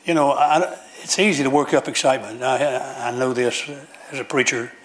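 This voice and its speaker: A man's voice: medium pitch, steady tone, moderate pace, a bit bright. A man preaching a sermon in a church, telling folksy stories with frequent restarts and repeated phrases.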